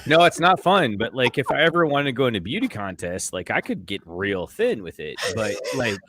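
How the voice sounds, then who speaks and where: A man's voice: medium pitch, very animated, a little fast, a bit bright, slight background noise. A young man co-hosting a casual beer podcast, rambling through crude jokes and stories. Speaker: podcast co-host.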